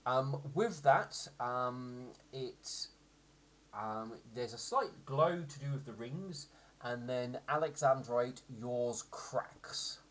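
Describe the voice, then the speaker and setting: A man's voice: medium pitch, animated, slow pace, a bit bright. A man narrating as game master of a tabletop game, hesitant and full of ums and restarts.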